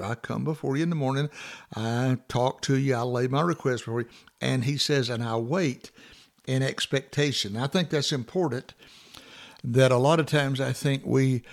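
A man's voice: mid-range voice, fairly even intonation, moderate pace, vocal fry. A man hosting a morning devotional podcast, talking informally with many fillers and restarts as he works through a scripture passage.

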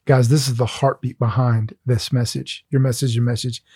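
A man's voice: mid-range voice, flat delivery, moderate pace, mellow, husky, no room sound, clean studio sound. A man hosting a faith conversation, telling a personal testimony in an earnest, emotional way.

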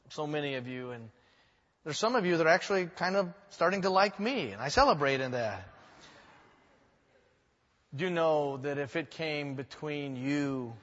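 A man preaches from the pulpit with a high, bright voice, telling stories animatedly and dropping in joking asides. The sound rings through a large echoing hall and comes across muffled and dull. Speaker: pastor. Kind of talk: sermon.

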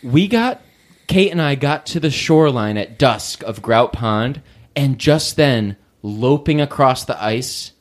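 A man's voice: medium pitch, animated, slow pace. A man telling an enthusiastic story in a casual chat as a co-host.

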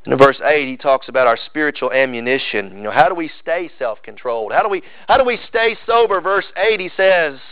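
A pastor delivers an emphatic sermon, driving points home by repeating his phrases. His voice sits high for a man. The sound is dry and close, a little dull and muffled. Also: lively intonation, brisk, hardly any pauses, no room sound.

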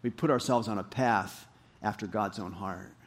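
A man preaching a sermon as pastor, animated, rising to emphatic highs and dropping low. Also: moderate pace.

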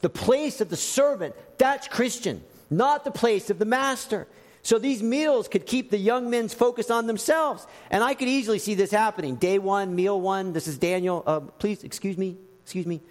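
An animated male preacher who tells stories and acts out the scenes. His high voice swoops widely. A long reverb from a large church hall hangs behind every phrase. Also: moderate pace. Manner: animated storytelling, acting out scenes. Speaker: pastor. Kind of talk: sermon.

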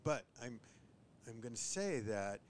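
Guy giving bird dog training tips, lively, mid-pitched, acts out the dogs n owners, faint rumble behind. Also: a little slow. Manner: animated, mimics owners and dogs in a high voice. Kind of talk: casual podcast chat.

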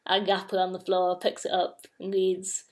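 A woman's voice: fairly low pitch, monotone, moderate pace, darkish tone. A woman co-hosting a podcast in casual chat. She has an easygoing manner and laughs along. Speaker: podcast co-host.

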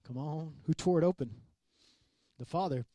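Animated high-voiced male preacher. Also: normal speed, dry recording. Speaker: pastor. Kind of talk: sermon.

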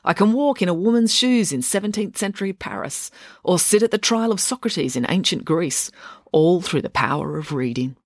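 A woman's voice: on the low side, lively intonation, normal speed, no echo, clean studio sound, pitched above the performer's own voice. A woman voicing a smirking, bookish eighteen-year-old male tutor who teases and lectures, for a storybook reading. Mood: lecturing. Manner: smirking, teasing, idealistic lecturing.

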